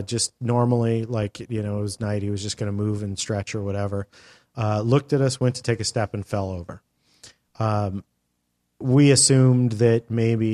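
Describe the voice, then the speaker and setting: A middle-aged man with a lowish voice, hosting a casual podcast chat. He rambles through a story with plenty of "uh" and "um" and swears offhandedly. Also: darkish tone. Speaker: podcast host.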